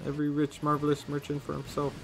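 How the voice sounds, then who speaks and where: A man voicing a vain, theatrical male merchant from a video game, with a grandiose, drawn-out lordly delivery. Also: sits low, noisy background. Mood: flustered. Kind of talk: reading game dialogue aloud.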